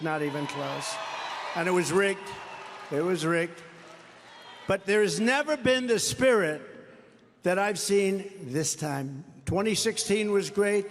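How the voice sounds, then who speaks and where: An older American man giving a boastful, mocking campaign rally speech into a podium microphone, repeating his phrases often. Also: high-pitched. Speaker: political rally speaker. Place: large indoor rally venue. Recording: reverberant arena sound with faint crowd ambience.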